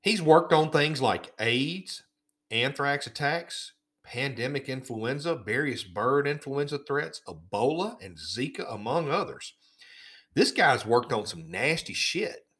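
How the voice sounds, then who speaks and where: A podcast host rants with indignant sarcasm. His pitch swings widely up and down, and he stumbles over repeated words while he keeps building his point. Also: lively intonation, measured pace, a bit bright, husky. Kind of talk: casual ranting commentary.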